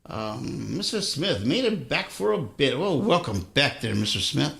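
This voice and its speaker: Slow, easygoing man chatting between songs. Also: medium pitch, big pitch swings, vocal fry, a bit bright. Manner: rambling, easygoing, self-interrupting. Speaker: musician hosting a live stream. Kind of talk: casual chat between songs, greeting viewers. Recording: roomy, with acoustic guitar behind. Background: acoustic guitar.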